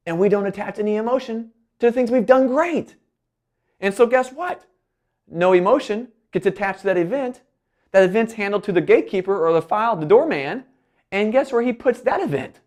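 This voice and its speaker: Man on a keynote stage, lifted voice, animated delivery that slips into quoted self-talk. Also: high voice, a little fast. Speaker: keynote speaker.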